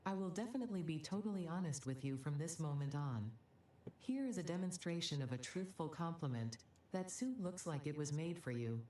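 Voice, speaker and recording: Brief: deadpan female game AI, very low and dark, synthetic-processed, sarcastic. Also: brisk, distant mic, slight background noise. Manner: calm announcer delivery with deadpan sarcasm. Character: female factory AI assistant, dry and sardonic. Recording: echoey game audio heard from afar.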